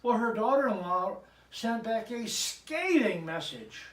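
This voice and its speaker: A man with a high voice preaches to his congregation in a loose, chatty way, dropping jokes between scripture readings. He is picked up from a distance in an echoey church sanctuary, with the room ringing around him. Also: sing-song, a little slow, fairly bright tone. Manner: joking, chatty asides to the congregation. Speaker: pastor. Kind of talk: conversational sermon.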